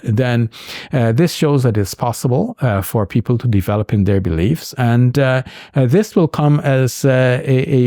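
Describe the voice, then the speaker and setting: A man explaining scripture on a talk show, in a measured, thoughtful way with frequent pauses. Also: medium pitch, mellow, dry recording, clean studio sound. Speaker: Islamic scholar guest.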